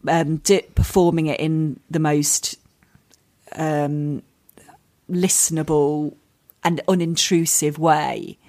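A woman's voice: low voice, level tone, slow, a little mellow. An English woman in her forties, a comedian and author chatting as a podcast guest, laughing often and poking fun at herself. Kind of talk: casual podcast chat.

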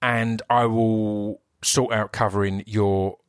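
Here the Essex-accented podcast host and actor delivers his solo intro slowly, in a lowish, clean-toned voice with little pitch movement. Eager and meandering, he keeps breaking off and starting over, on a dry, studio-quality recording.

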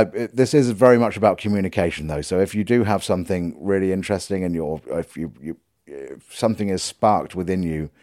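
A man's voice: deep voice, a little mellow, no room sound, clean studio sound. A middle-aged man from England hosting a podcast, talking casually with many ums, restarts and self-deprecating jokes. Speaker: podcast host and musician. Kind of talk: casual rambling monologue.

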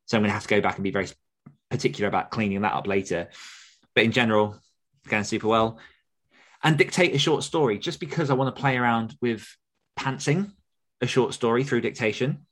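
A man co-hosting a podcast, talking in a relaxed, rambling way with many fillers. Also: medium pitch, fairly quick. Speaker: podcast co-host. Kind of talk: casual podcast chat.

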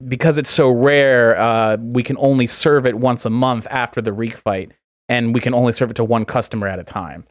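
A man's voice: medium pitch, fairly even intonation, fairly quick, no room sound, natural voice. A man voicing a polite, apologetic male restaurant waiter in a joke, with a hesitant, stammering delivery. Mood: confiding.

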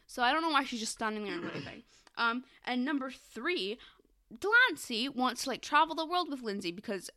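A young woman co-hosting a podcast, chatting casually and rambling with lots of fillers and quick laughs. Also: sits high, big pitch swings, pushed and bright. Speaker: podcast co-host.

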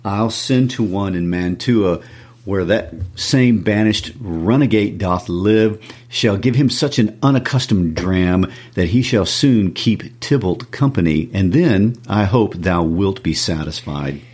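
A man reading the part of a stern, vengeful noble mother in a classroom read-aloud of a play, with a measured, stern delivery. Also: fairly low pitch, darkish tone, breathy edge.

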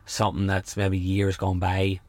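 A man hosts a podcast from his camper van in a lowish voice that barely moves in pitch. He chats in a relaxed, easy way and swears casually. The sound is dry and close. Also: measured pace, no room sound. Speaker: podcast host. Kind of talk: casual conversation.

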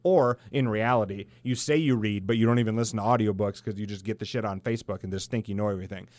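A man's voice: on the low side, fairly even intonation, fast, darkish tone, no room sound. A middle-aged man from South Dakota, hosting a podcast in a heated, blunt monologue full of swearing. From South Dakota, USA. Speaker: podcast host. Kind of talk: profane ranting monologue.

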